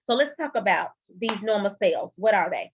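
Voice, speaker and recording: A woman's voice: medium pitch, animated, moderate pace, a little hiss or hum. A female nursing instructor lecturing and telling a personal story in a conversational, rambling way with many fillers. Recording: dull, dry lo-fi recording.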